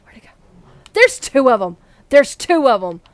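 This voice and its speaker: A woman's voice: high voice, very animated, moderate pace, dry recording. A woman streaming a game live, talking to her viewers, jumpy and frightened, squealing and laughing nervously. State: scared.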